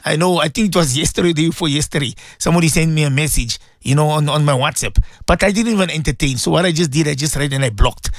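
High, gravelly, fervent male radio preacher. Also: fast talker, hardly any pauses, dry recording, studio quality. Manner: fervent, repetitive, calls out to listeners. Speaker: radio religious teacher. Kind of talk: impassioned radio sermon.

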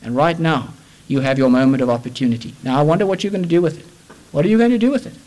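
An older man delivers an impassioned sermon in a somewhat high voice. He pushes his pleas up with urgency, then sinks into low, hushed lines for weight. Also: rapid-fire, poor audio. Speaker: preacher.

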